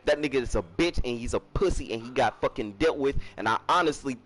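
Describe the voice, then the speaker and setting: A man's voice: medium pitch, animated, brisk, fairly bright tone. A young man, telling a casual storytime in an emphatic, profane way. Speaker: storyteller streamer.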